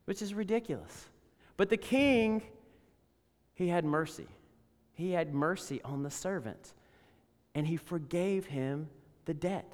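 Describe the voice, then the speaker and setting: Higher-voiced man preaching in a big hall. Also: unhurried, long pauses. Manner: animated, emphatic preaching with rhetorical questions. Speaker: pastor. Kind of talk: sermon.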